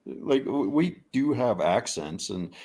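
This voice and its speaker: A man's voice: mid-range voice, very animated, takes it slowly, warm tone. A man, explaining things in an easygoing, giggly way during a casual chat.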